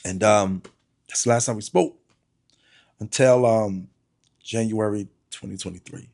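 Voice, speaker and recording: A man's voice: fairly low pitch, measured pace, creaky, darkish tone. A middle-aged man, a pastor, earnestly telling a personal testimony, often repeating words and calling listeners "y'all".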